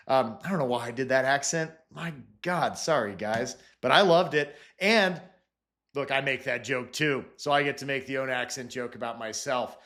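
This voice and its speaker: Guy teaching a class on AI, jokey and high energy, loud then quiet, average pitch. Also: normal speed. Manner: energetic and playful, swinging between loud bursts and quiet asides. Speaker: presenter teaching AI prompting. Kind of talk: upbeat joking talk to an audience.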